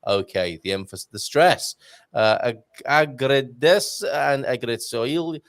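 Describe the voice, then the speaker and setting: Chatty English host reading viewer questions. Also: male voice, mid-range voice, animated, unhurried, no room sound, studio quality. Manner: chatty, reads out viewer messages, jokey. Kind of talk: casual live Q&A hosting.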